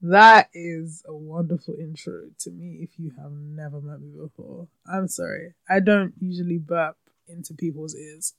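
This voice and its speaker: A woman's voice: low-pitched, steady tone, moderate pace, vocal fry, hardly any pauses, dry recording. Candid woman podcasting from home. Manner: candid and chatty, often laughing. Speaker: podcast host. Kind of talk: casual solo podcast chat. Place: room at home with window open. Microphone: podcast microphone, close.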